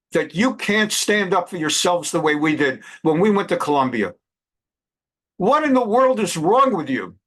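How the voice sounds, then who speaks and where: A high-voiced man in his seventies lectures with fierce conviction. He scolds and hammers his points home with one rhetorical question after another, in the way a rabbi speaks from long experience. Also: fairly bright tone. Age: 70s. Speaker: rabbi and law professor. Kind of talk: impassioned direct-to-camera address.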